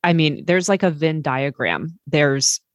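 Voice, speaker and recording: A woman's voice: low-pitched, unhurried, no room sound, studio quality. A woman podcast host, chatty and fond of telling stories, interviewing a guest remotely. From Maryland, United States. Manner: chatty, warm storyteller, many fillers. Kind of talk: casual interview chat.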